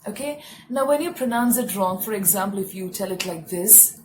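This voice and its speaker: A woman's voice: mid-range voice, animated, moderate pace, a little mellow, slight background noise, low-quality recording. Patient Indian woman teaching English. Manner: patient, explanatory, repeats key words with emphasis. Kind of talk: spoken English lesson to camera.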